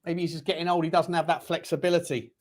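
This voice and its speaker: A man hosting a live football watchalong, reacting as a partisan fan with excitable shouting, swearing and a chesty cough. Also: a little high, quick pace. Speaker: fan channel host.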